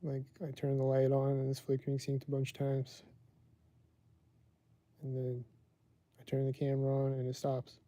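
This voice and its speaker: He's a livestream podcast host who rambles informally with plenty of "like" fillers. His medium-pitched voice is warm yet completely flat, moving at a moderate pace with frequent pauses and no echo.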